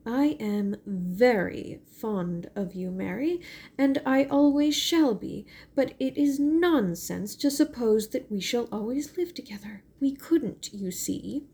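A woman reading a storybook voices a cool, calculating woman who speaks crisply. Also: on the high side, a little slow, warm tone. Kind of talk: audiobook reading.

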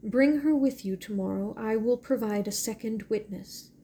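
Woman voicing a reserved gentleman, calm, formal, even-toned, gravelly low edge. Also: normal speed, a little hiss or hum, lightly acted.

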